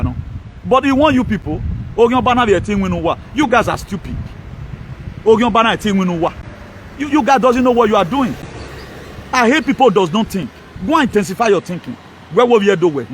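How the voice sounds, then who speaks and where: A man's voice: sits high, a little hiss or hum, poor audio. A man, ranting scornfully and combatively in a political video monologue. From Nigeria. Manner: scornful, combative, mocking, with frequent laughs. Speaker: social media commentator.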